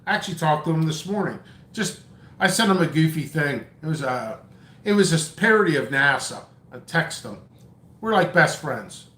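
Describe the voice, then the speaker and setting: A man's voice: fairly high pitch, animated, normal speed, sharp tone. A man hosting his own channel, ranting in a long-winded, stammering, exasperated way. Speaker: seed seller and channel host. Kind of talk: rambling vlog rant. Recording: echoey room.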